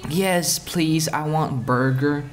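A young man doing casual gameplay commentary, excitable, with loud outbursts and frequent laughs. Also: fairly high pitch, slow pace, very noisy. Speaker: gaming YouTuber. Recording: voice with loud game music behind.

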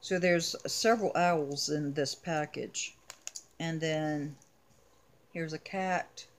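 A woman in a casual vlog, showing off her craft supply haul, talking in an unhurried, chatty way with frequent ums. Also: deep voice, steady tone. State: has the hiccups. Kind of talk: casual show-and-tell.

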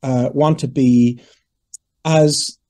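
A Northern Irish singer in his fifties answers interview questions through lively, digressive storytelling, acting out the voices of people he quotes. His voice is medium-pitched and he speaks very slowly.

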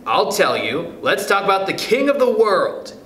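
A man puts on a tiny mouse teacher, fussy and brisk, bossing the class about in a raised voice that bounces all over. It rings in a roomy space with a faint hiss behind. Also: sits high, very animated, fairly bright tone, pitched above the performer's own voice. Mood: lively. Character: tiny self-assured mouse playing schoolteacher. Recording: roomy echo, faint noise.

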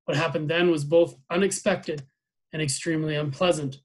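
A man teacher reading a novel aloud to his class, steady with small slips and restarts. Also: a little high, moderate pace, poor audio.

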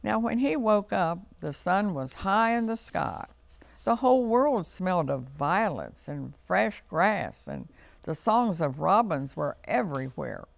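A man reads a children's storybook aloud, gently and unhurriedly. His voice is deeply gravelly and he takes his time over every phrase. The sound is close and dry. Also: very animated, dry recording. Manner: slow, gentle read-aloud delivery.

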